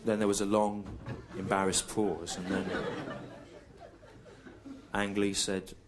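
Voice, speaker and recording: A man with a very low voice working through a stand-up set in a dry, deadpan way. He wanders off on tangents and repeats his own lines on purpose. The live recording carries a clear bed of background noise. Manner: deadpan, digressive, deliberately repetitive. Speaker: stand-up comedian. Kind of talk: stand-up comedy routine. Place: comedy stage before a live audience.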